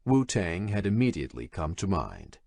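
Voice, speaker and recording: A man narrates a thriller audiobook, his low voice moving expressively through the lines. He reads in a measured way. The recording is close and dry. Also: wildly swooping pitch, vocal fry, darkish tone, no room sound. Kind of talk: scripted horror thriller narration.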